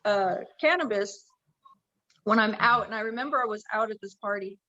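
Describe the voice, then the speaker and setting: A woman guest on a remote interview, telling stories in a casual, animated way and laughing often. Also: mid-range voice, moderate pace, lo-fi sound.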